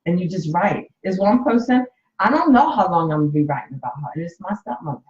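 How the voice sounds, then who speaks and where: A woman's voice: lowish voice, expressive, quick pace, darkish tone. Woman near sixty, candid and emotional, live-stream chat from phone, roomy dull sound. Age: 50s. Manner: candid and emotional, speaks to viewers directly. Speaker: coach and nurse hosting a live stream. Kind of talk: casual live-stream talk.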